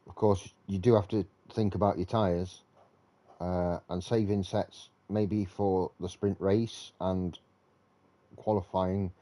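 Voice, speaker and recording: A man commentating live on a racing league in a relaxed, chatty way, thinking aloud between updates. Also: low voice, slow pace.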